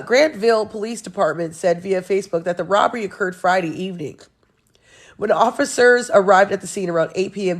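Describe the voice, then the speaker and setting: A young woman hosting her own show, reading news headlines aloud and reacting with blunt, sarcastic remarks and frequent laughs. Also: on the low side. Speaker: show host.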